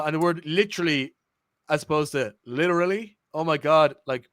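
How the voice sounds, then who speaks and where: A man with an Irish accent co-hosting a casual sports podcast, chatty and full of quick restarts. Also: on the high side, fairly bright tone, dry recording, studio quality. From Ireland. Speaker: podcast co-host.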